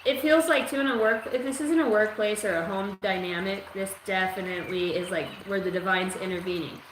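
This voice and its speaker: A woman's voice: medium pitch, brisk. A woman giving a live-streamed psychic reading, talking in a rambling, profane, streetwise way. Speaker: psychic reader. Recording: echoey room with steady noise.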